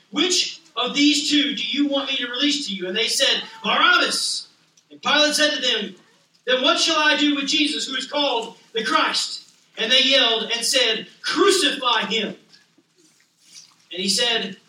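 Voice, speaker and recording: A male pastor preaching a sermon with passion, rising to loud cries and dropping to hushed lines. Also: extremely high pitch. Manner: impassioned, swinging from loud to hushed. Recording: echoey room, voice a bit distant.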